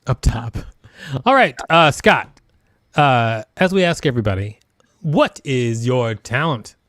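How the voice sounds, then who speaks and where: Halting, lively talent show host man. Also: medium pitch, no echo. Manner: halting, lots of uh fillers, dry jokes. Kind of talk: casual live-stream hosting.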